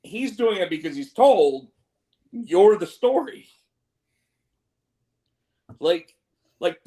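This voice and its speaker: A man co-hosting a casual wrestling chat, animated and swearing often while acting out quotes. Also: sits high. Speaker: podcast co-host.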